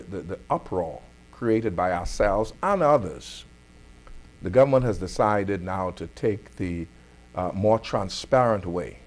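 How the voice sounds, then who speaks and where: A Bahamian man hosts a community affairs talk show. His voice sits low, and he builds his argument point by point in a firm, deliberate manner. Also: a little mellow. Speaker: host.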